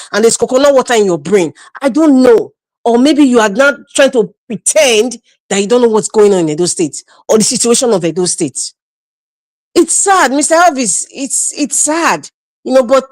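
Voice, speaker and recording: A woman's voice: fairly high pitch, no echo. A woman with a Nigerian accent giving scolding, mocking political commentary on a livestream, laughing often.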